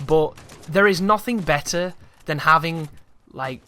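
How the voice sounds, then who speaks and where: Man, game commentary, bright tense voice, slightly high, rambling and swearing. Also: unhurried, a little hiss or hum. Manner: rambling, opinionated, swears freely. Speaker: gameplay commentator. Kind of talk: casual gameplay commentary.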